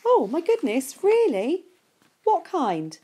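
A woman reading aloud and voicing a gentle, reassuring mother in a softly lifted tone. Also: on the high side, very animated, normal speed, pitched above the performer's own voice. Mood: excited.

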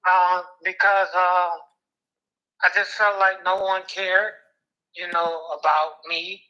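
A former football player in his thirties, interviewed on dull lo-fi audio, speaks haltingly and emotionally, near tears, often repeating words and starting over. His voice is high and bright with a forceful tone, yet his delivery is flat.

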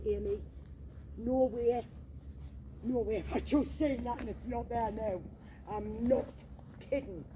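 A woman ghost hunting outdoors in a cemetery at night, talking into a handheld camera in an excitable, frightened way and swearing often. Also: on the high side, a little hiss or hum, rough recording. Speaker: paranormal vlogger. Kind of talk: live ghost-hunting commentary.

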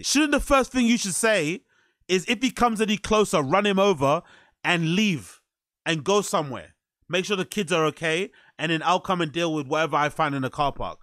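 A man doing live reaction commentary on a clip, animated and incredulous, swearing often. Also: high-pitched, dry recording, clean studio sound. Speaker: streamer reacting to a podcast clip.

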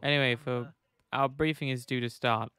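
A man's voice: mid-range voice, steady tone, moderate pace, pushed and bright, clear, resonant tone, natural voice. A blunt police coworker ribs his returning colleague in a game, as a man plays him. His voice is clean and resonant, and his delivery is mocking and direct.

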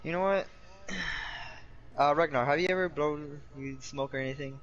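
A man's voice: fairly high pitch, normal speed, fairly bright tone, highs cut off. A man with a Mexican accent joking around with friends over a gaming voice chat, mocking himself and swearing a lot. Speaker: online gaming teammate. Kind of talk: casual voice chat.

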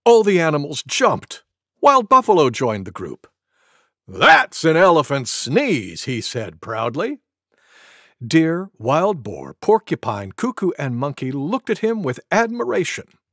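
An expressive man reads a children's storybook aloud, slowly, with a pitch that leaps widely from line to line. His voice has a gravelly grain and sounds dry and close to the mic. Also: no echo. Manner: expressive and animated. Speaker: narrator.

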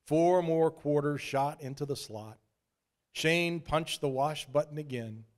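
A man's voice: fairly high pitch, a little slow. A man from Idaho telling a wry, self-deprecating story as a preacher in a sermon. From Idaho, USA.

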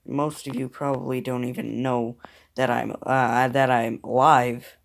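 A tired man plays a mobile fighting game and mutters commentary into his phone's microphone. He grumbles at his opponents in a slow, drawn-out way, at an ordinary middle pitch. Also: flat delivery, gravelly. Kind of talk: gameplay commentary.

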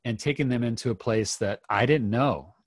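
A man's voice: medium pitch, normal speed, no echo, clean studio sound. A middle-aged man, a podcast guest, telling a personal story in an earnest, reflective way with many restarts.

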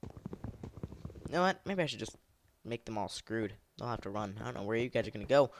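Gamer guy, casual commentary, lively voice that leaps high when he yells, rambles, faint hiss behind. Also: moderate pace, pauses often. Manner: excitable, shouts at the game and laughs often; rambling, talks to himself between bursts.

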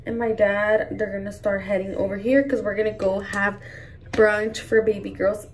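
A woman's voice: medium pitch, flat delivery, normal speed, distant mic, slight background noise. A young woman and mother vlogging in casual chat to camera, emotional and gushing, often saying "like" and "y'all". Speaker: mom vlogger.

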